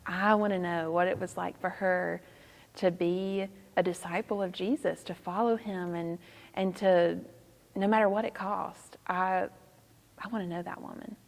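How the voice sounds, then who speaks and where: A soft-spoken woman in her thirties with a Southern accent, speaking slowly and thoughtfully, with a low, gravelly voice. Her words hang in a reverberant room that gives them a long tail. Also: steady tone. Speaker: pastor, interview guest. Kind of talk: casual interview.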